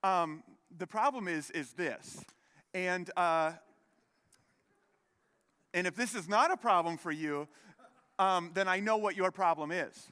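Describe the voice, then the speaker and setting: In a church sanctuary with long hall reverb, a man in his thirties preaches as pastor, telling a rambling personal story full of restarts and self-deprecating asides. His voice is high-pitched, pushed, bright, and clean, delivered slowly with long pauses.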